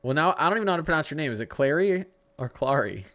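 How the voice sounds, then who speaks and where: An adult man with a young son hosts a casual live weather stream, reading the radar and answering his chat. His voice is on the high side, a bit bright, very animated and very fast. He talks loosely, restarting sentences and stumbling over place names.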